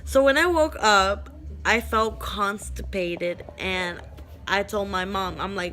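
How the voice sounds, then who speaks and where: A woman's voice: medium pitch, slow pace, sharp tone. A young woman vlogger telling a personal story in a rambling, chatty way, acting out what people said. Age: young adult. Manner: rambling, chatty, full of "like" and acted-out quotes. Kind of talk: casual storytelling.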